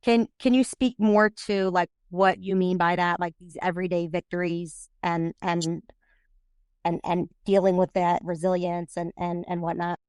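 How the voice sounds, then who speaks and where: Brief: woman host, mid pitch, smooth, halting questions, dry close mic. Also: little pitch movement, a little mellow, no room sound. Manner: halting, many restarts when asking questions. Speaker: podcast host. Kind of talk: podcast interview.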